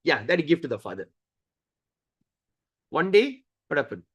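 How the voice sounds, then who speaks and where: Animated man teaching scripture. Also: on the high side, moderate pace, breathy edge. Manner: animated, acts out stories with voices; repeats key words, restarts sentences. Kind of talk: scripture study lecture.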